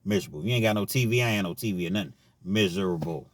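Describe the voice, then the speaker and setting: A man from Kentucky telling stories in a casual, slangy way, often adding "man" to his sentences. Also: deep voice. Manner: slangy, drawn-out asides with "man". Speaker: vlogger telling prison stories. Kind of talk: casual storytelling.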